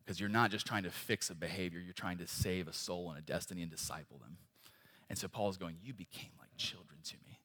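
A young man delivers a sermon as a guest preacher. His voice sits somewhat low, and he is impassioned, rising into loud emphasis and then dropping to near-hushed, personal lines. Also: fairly quick. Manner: impassioned, swings between loud emphasis and quiet intimate lines. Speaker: guest speaker.

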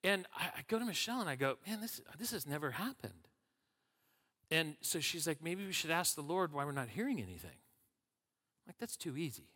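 A man preaching a sermon, telling stories in a lively way and acting out what people said. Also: a little high, fairly quick. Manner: animated storytelling with acted-out quotes. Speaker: pastor. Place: church sanctuary. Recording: long reverb of a church hall.

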